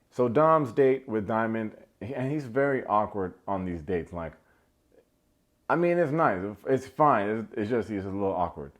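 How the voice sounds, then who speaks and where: A young man casually recapping a reality show, chatty and playful, with lots of "like" and quick asides. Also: fairly low pitch. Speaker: YouTube recap host.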